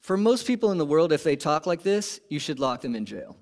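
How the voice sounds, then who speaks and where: Pastor, male, slightly high voice, lively and conversational, big emphatic builds. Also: fairly quick. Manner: animated, rising to emphatic peaks then dropping low; conversational asides and rhetorical questions. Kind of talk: sermon.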